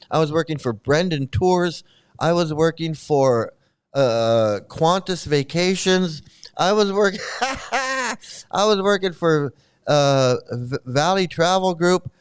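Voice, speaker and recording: A man's voice: a little high, expressive, measured pace, smooth. A middle-aged man talking casually and at length, rambling and swearing, often stammering and breaking into laughter. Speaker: channel host commenting on a cult. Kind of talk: casual livestream commentary.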